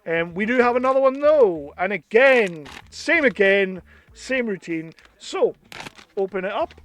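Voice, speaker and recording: An English man chatting casually and excitedly as he unboxes and reviews toys. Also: high voice, a little slow, a little hiss or hum. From England. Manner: chatty and enthusiastic, with bursts of excitement. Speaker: toy reviewer.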